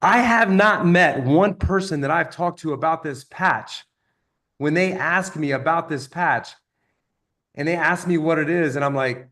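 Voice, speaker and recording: A man giving an energetic motivational sales training talk, acting out stories with quoted voices. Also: on the high side, a little slow.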